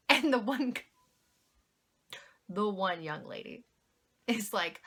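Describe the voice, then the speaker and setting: Bright-voiced young woman laughing through a story. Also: medium pitch, animated, measured pace, long pauses. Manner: laughs often while telling a story, self-mocking. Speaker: vlogger. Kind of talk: casual storytelling to camera.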